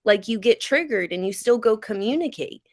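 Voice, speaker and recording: A woman's voice: on the high side, expressive, moderate pace, dry recording, clean studio sound. Frank, emphatic woman podcast co-host. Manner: frank, emphatic, laughs readily. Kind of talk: casual chat.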